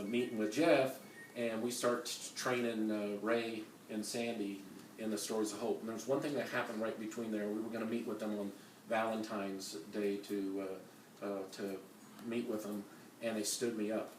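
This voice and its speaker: A man's voice: on the low side, flat delivery, moderate pace, a little hiss or hum. A man telling a personal testimony at a conference, rambling, with many fillers and restarts. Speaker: conference speaker. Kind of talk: storytelling testimony. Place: conference center hall. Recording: echoey hall, mic from far off.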